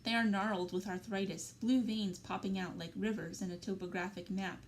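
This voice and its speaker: A woman reading a young adult novel aloud in a steady, even-paced way with quiet emotional emphasis. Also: medium pitch, normal speed, slight background noise, rough recording. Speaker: library story reader.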